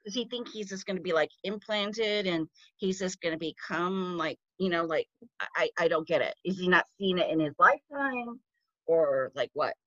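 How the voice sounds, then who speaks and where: A woman co-hosting a casual podcast, chatting quickly with many likes and restarts. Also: fairly low pitch, a bit bright, no echo, highs cut off. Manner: quick, lots of fillers and restarts. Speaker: podcast co-host. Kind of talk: casual chat.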